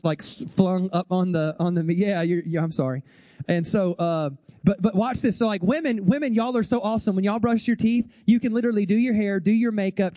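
A man's voice: sits high, mellow, no room sound. A middle-aged man preaching a humorous sermon, chatting straight at the congregation and acting out little scenes. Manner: chatty, joking, addresses the congregation directly; acts out voices and gestures in quick asides. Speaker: pastor.

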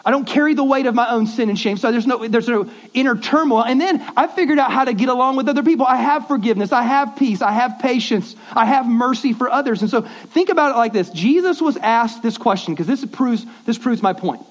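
High-voiced man preaching a conversational sermon. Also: a little fast, few pauses. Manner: conversational, prompts the congregation to repeat words. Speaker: pastor. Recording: dull lo-fi sermon audio.

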